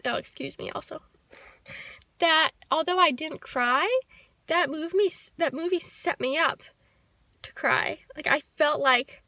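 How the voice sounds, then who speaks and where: A young woman speaks to her camera in a personal vlog, soft, reflective and heartfelt. Her voice sits high and bright with a touch of gravelly fry. The sound is dry and close. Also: measured pace, long pauses, no room sound. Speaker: vlogger. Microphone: handheld camera.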